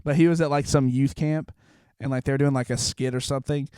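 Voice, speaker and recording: Smooth-voiced young man, casual podcast. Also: medium pitch, fairly even intonation, fast talker, warm tone, no room sound, clean studio sound. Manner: chatty, rambling retelling with fillers. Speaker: podcast co-host. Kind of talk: casual chat.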